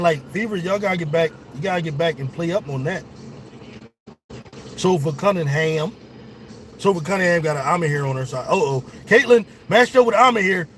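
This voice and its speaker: A young man with a slightly high voice calls a basketball game live for his viewers as a sports show host, in a casual watch-along style. He's excitable, swears freely and talks straight to his audience, with a faint hiss beneath his voice.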